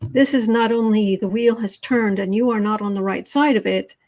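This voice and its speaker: A woman talking through a livestream tarot reading, chatting with her viewers and reading their comments aloud. Her voice sits in a middle pitch, and her delivery is casual and chatty with dry, sarcastic asides. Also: normal speed, darkish tone. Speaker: tarot reader host.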